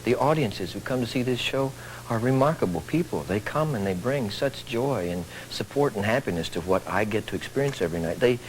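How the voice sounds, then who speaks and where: A man's voice: medium pitch, lively intonation, a little fast, slight background noise, rough recording. A middle-aged man from Texas, a stage actor speaking earnestly, with dry humor, as a TV talk show guest. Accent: Texan.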